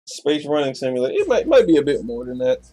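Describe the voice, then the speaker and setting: A man's voice: mid-range voice, very animated, quick pace, dark tone. A man streaming a live reaction, sleepy and chatty, restarting his sentences often. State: sleepy, yawning. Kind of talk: casual live reaction commentary.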